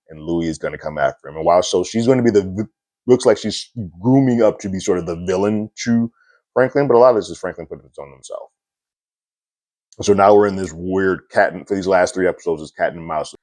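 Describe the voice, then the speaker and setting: Brief: male reviewer, deep voice, dry close sound, chatty recap with fillers. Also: a little fast, darkish tone, dry recording. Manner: loose and conversational, frequent fillers and little laughs. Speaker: TV episode reviewer.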